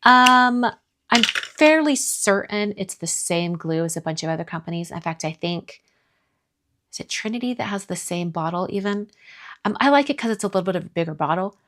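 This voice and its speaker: A woman's voice: medium pitch, lively intonation, moderate pace, a bit bright. A middle-aged woman from the American South hosting a card-making live stream in casual chat, reading viewer comments aloud and answering them.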